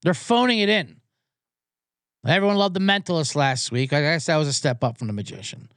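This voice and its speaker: A man's voice: fairly high pitch, fairly quick, fairly bright tone, dry recording, studio quality. A man hosting a comedy sports podcast, ranting with profanity and getting fired up. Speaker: podcast host.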